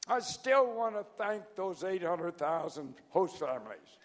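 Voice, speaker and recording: A man's voice: high-pitched, very animated, measured pace. Ninety-year-old man speaking in a big hall. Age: 90s. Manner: folksy, joking, loses his place. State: hard of hearing. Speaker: founder giving anniversary address. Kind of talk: rambling anecdotal speech to a crowd. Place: large event hall. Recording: large hall with faint crowd and noise.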